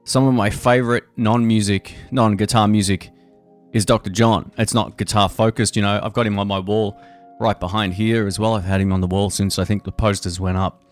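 A man who plays guitar, hosting a podcast and talking casually about music and gear in a relaxed, rambling way full of fillers and restarts. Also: on the low side, fairly quick. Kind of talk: casual chat.

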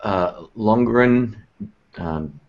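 A man's voice: lowish voice, drawn-out words, highs cut off. Laid-back Australian man hosting a guitar chat. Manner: laid-back, self-deprecating, lots of fillers. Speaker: host of an online guitar chat. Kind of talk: casual chat.

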